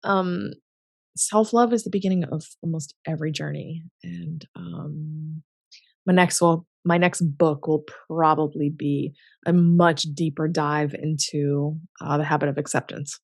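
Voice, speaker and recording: A confident woman talks as an interview guest in a slightly low voice. She is emphatic and outspoken, laughs often and fills her sentences with "like." Her voice sounds dry and close, with no room around it. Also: fairly even intonation, a little slow, creaky, no echo. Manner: emphatic and self-assured, heavy use of "like". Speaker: author and business co-founder, interview guest. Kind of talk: candid conversational interview.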